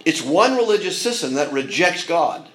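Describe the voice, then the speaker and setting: Male pastor, mid-high voice, earnest sermon delivery full of restarts and asides. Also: very animated, moderate pace, fairly bright tone, poor audio.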